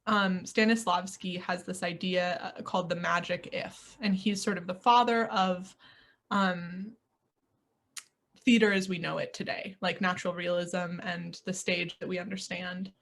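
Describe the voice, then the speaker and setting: A woman's voice: lowish voice, steady tone, a little slow, fairly bright tone. A young adult woman, an acting coach, giving earnest, reflective interview answers and now and then acting out the doubting little voice in her head. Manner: earnest, searching, puts on little inner voices.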